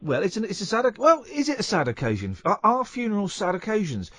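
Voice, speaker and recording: A male radio host chatting and teasing his co-host, meandering from one story to the next. His voice is a little husky and swings up and down with plenty of life. The sound is dry and close, straight off a studio microphone. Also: high-pitched, huge pitch swings, quick pace, a bit bright, dry recording. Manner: rambling, playful and teasing. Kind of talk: late-night radio banter.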